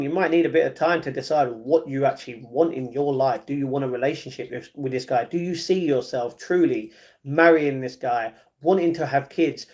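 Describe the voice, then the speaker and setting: A man's voice: a little high, darkish tone. A man chatting casually on a livestream and giving viewers blunt, repetitive advice. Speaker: streamer. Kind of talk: casual livestream chat, reading viewer comments.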